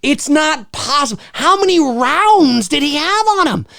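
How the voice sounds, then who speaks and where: A man's voice: very high voice, animated, unhurried, gravelly, no echo, clean studio sound. A man hosting a casual live stream, rambling and swearing, laughing often and acting out scenes. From Canada. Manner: rambling, profane, laughs often, acts out scenes with shouted voices.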